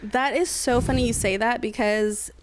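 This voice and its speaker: A woman from San Antonio co-hosting a podcast in casual chat, talkative and quick to laugh. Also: a little high, fairly even intonation, a little hiss or hum. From San Antonio, Texas, USA. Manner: chatty, easy laughter. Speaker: podcast co-host.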